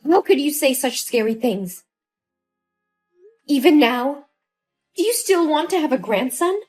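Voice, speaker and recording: A woman's voice: sits high, lively intonation, a little slow, darkish tone, soft background music. A woman voicing a young mother who pleads in distress over her missing daughter, in a dramatized story. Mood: distraught.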